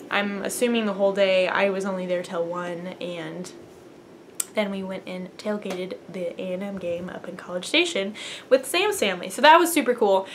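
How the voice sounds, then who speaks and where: A woman's voice: medium pitch, fairly bright tone, a little hiss or hum. A young woman, hosting a knitting podcast from her apartment, chatting casually and bubbly with lots of fillers. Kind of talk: casual chat to camera. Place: apartment at home.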